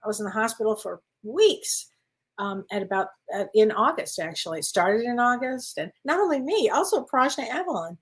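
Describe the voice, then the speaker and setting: A woman doing card readings as a spiritual medium, talking in a loose, chatty way. Her voice sits somewhat high, and she keeps calling her listeners honey. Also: lively intonation, moderate pace, breathy edge. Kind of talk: casual livestream chat.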